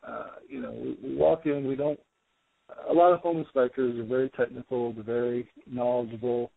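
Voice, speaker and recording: A man from the Midwest talks casually as a podcast guest and keeps restarting his sentences. His voice is gravelly. The sound is dry and thin, like a phone line. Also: medium pitch, steady tone, no echo. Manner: halting, many fillers and restarts. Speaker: guest, home inspector. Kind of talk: casual interview chat.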